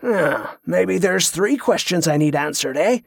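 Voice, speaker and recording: A man's voice: high-pitched, lively intonation, a little slow, vocal fry, no room sound, studio quality, full character voice. A man voicing a cruel, short-tempered male captor who snarls and mocks, in an audiobook. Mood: menacing. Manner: snarling, sarcastic.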